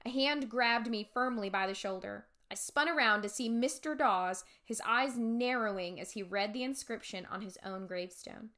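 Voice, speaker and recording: A woman teacher reading a chapter book aloud for her class, expressive with dramatic whispers. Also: a little high, moderate pace, few pauses. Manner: expressive, voices characters, frequent dramatic whispers.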